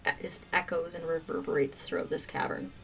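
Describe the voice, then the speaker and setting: A woman narrating as game master of a tabletop role-playing game, halting often with filler words. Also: fairly low pitch, level tone, creaky, fairly bright tone, faint music behind.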